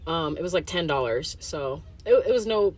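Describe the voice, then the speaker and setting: A woman with a slightly low voice runs her podcast solo, chatting loosely with plenty of "like" and "um." She swears freely and drifts from point to point. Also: lively intonation, moderate pace. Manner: rambling and profane, full of fillers. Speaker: podcast host. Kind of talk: casual solo monologue.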